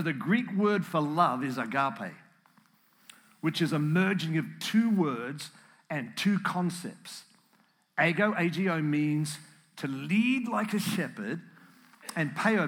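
A man preaching a sermon, earnest and emotional, at times close to tears, building up to animated emphasis. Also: fairly high pitch. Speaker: pastor.

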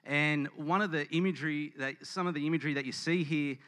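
A male preacher talks in a relaxed, joking way, asking the crowd for hands up and telling loose stories. His voice sits a little high for a man and stays conversational throughout. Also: quick pace. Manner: chatty, joking, addresses the audience. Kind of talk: casual sermon. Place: hall with audience.

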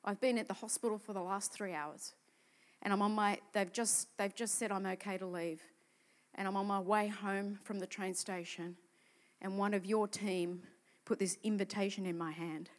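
A woman speaking as a desperate middle-aged man she met, in a quiet, subdued voice. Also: mid-range voice, fairly even intonation, moderate pace, pitched below the performer's own voice, natural voice. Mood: despairing.

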